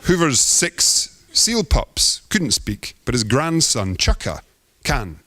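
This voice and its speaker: Slow, theatrical male storyteller. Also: mid-range voice, sing-song, bright, forceful tone. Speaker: artist and performer. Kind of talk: theatrical performance talk.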